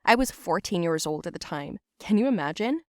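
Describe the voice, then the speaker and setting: A young woman giving scripted first-person narration for an animated story, in a plain, matter-of-fact way. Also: lowish voice, a little fast, no echo, studio quality.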